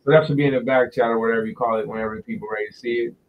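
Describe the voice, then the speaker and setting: A man giving a casual religious teaching on a livestream, talking loosely and repeating words slowly, into a phone in front of him. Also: medium pitch, fairly even intonation, recorded from a distance, phone-quality sound, a little hiss or hum. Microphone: phone directly in front of him.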